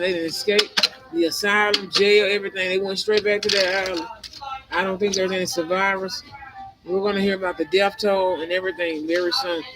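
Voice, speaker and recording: A woman's voice: medium pitch, poor audio. A woman hosting a spiritual channel, rambling through a conspiratorial monologue and laughing between her thoughts. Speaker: tarot and spiritual channel host. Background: music playing.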